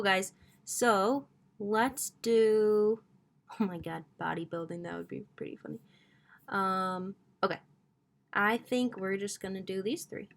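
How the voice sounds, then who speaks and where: A woman's voice: mid-range voice, slow, vocal fry, pauses often. Woman, twenties, crafting tutorial host, casual, thinks aloud, chatty, addresses viewers. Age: 20s. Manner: chatty, gushing, talks to viewers as "guys".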